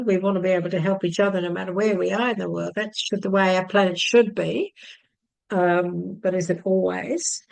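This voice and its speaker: A woman teaching emotional tapping, repeating calm affirmations and then talking chattily with fillers and little laughs. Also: medium pitch, creaky, rough recording. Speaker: EFT healing teacher. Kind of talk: guided tapping session and casual talk.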